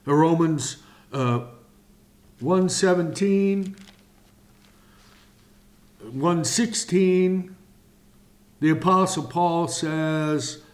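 A man teaching a sermon-style Bible lesson, speaking in slow, deliberate phrases with long pauses. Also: a little high.

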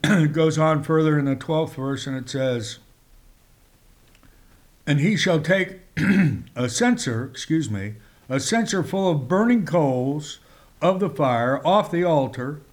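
A man preaching a sermon, speaking with emphatic rises and reading scripture passages aloud in old-fashioned wording. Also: expressive. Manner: slow, emphatic delivery with sudden rises in pitch.

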